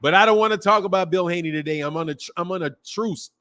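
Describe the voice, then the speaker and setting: A man hosting a boxing live stream and ranting in a sarcastic, heated way, swinging from mock pleading to loud outbursts. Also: high voice, fast talker. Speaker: boxing channel host. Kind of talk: live-stream commentary and rant.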